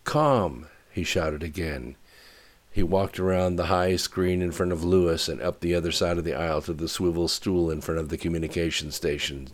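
A man narrating a story in a steady, even storytelling manner. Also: low voice, a little fast. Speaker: audiobook narrator. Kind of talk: scripted narration.

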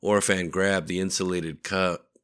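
Deep voiced guy reading a story, steady, sharp bright tone. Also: measured pace. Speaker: narrator. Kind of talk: audiobook narration.

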